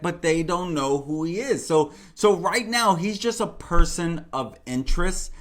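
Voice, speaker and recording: A man's voice: fairly high pitch, a bit bright. Male true crime host, casual and rambling, repeats himself with filler words. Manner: repetitive, rambling, full of "you know" and "like".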